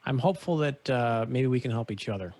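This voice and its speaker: A man playing a tabletop game in character, talking diplomatically with hesitant pauses. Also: medium pitch, expressive, a little mellow, no room sound. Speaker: player. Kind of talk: in-character role-play.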